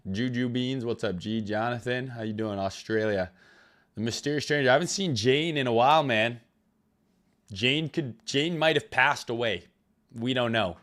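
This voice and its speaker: A man's voice: mid-range voice, moderate pace, a bit bright. Profane casual man streaming live. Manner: loose, profane, reads chat names aloud. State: recovering from illness. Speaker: crypto trading livestream host. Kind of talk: casual livestream chat with viewers.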